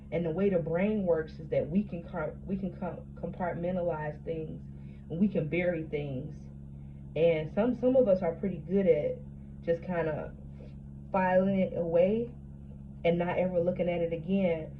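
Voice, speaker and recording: A woman near forty speaks with frank, profane candor in a lowish voice, circling back over her words as she talks. The sound is dull and lo-fi. A steady hum runs under everything. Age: late 30s. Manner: frank, profane, repeats and restarts phrases. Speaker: vlogger. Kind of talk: candid personal talk about trauma.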